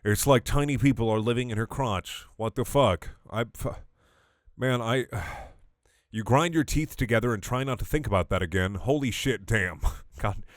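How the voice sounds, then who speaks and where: A man's voice: medium pitch, moderate pace, no echo, clean studio sound. A young man doing a comedic dramatic reading of fan fiction, breaking off into exasperated, sarcastic, sweary rants. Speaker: online comedy reader.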